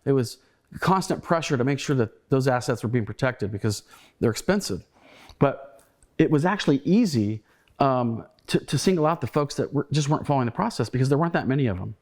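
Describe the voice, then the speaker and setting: A man's voice: mid-range voice, animated, brisk, a little mellow. A middle-aged man hosting a podcast, telling stories in a casual, reflective way with frequent restarts. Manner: conversational, restarts words, reflective storytelling. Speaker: podcast host, former colleague.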